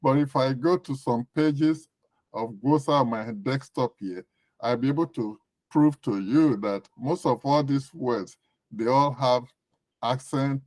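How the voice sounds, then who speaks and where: A man from Nigeria runs through a long, chatty explanation during an online class. His voice sits at a middling pitch, with a dry, close sound over the video call. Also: darkish tone, no room sound. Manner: talkative, explains at length.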